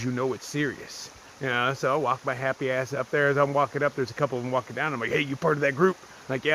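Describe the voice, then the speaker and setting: A man's voice: medium pitch, level tone, fast talker, hardly any pauses, fairly bright tone, a little hiss or hum. A man vlogging on a wooded mountain trail, telling stories in a blunt, profane, self-mocking way, a little out of breath from the climb. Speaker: solo thru-hiker vlogger. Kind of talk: casual vlog talk to camera.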